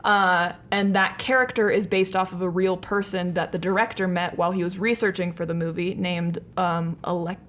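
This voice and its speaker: A woman's voice: fairly low pitch, steady tone, normal speed, hardly any pauses, a bit bright. A young woman co-hosting a podcast, telling a long, rambling story in casual chat and often laughing at herself. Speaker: podcast co-host.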